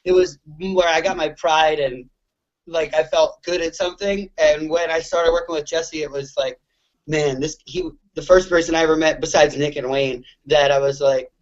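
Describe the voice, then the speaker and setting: A man's voice: on the high side, steady tone, moderate pace. A young man from the Philadelphia suburbs, chatting loosely as a guest musician, with lots of fillers and swearing. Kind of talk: casual interview chat. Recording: muffled lo-fi audio.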